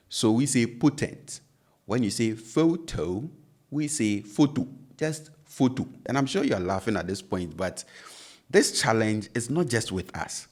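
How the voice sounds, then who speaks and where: A man's voice: fairly low pitch, a little mellow. A man with a Ghanaian English accent, a native Twi speaker, teaching pronunciation patiently and repeating each sound. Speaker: language teacher. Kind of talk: online lesson.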